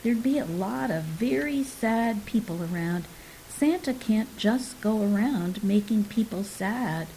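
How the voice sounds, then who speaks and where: A woman reading a story aloud in an unhurried, softly dramatic way, now and then dropping to a whisper. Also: mid-range voice, slight background noise, rough recording.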